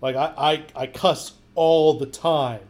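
A man co-hosting a podcast, telling stories in a rambling, animated way with lots of repeated words. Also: a little high, unhurried. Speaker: podcast co-host. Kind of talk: casual chat.

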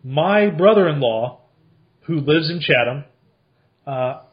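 A man's voice: on the high side, lively intonation, slow pace, muffled recording. A man in his thirties from central Illinois, hosting a podcast and telling a long story in a chatty, rambling way with lots of fillers and restarts. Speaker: podcast host answering listener mail. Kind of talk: casual storytelling.

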